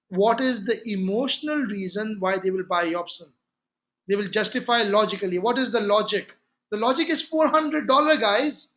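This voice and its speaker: Male sales trainer, emphatic, repeats himself, sharp high voice. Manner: emphatic, repeats key phrases, frequent restarts.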